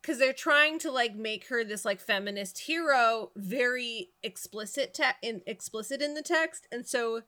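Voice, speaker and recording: Woman co-host, bright tone, dry humorous recaps. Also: fairly high pitch, normal speed, hardly any pauses. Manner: wry, recapping with dry jokes. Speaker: podcast co-host. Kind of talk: casual chat.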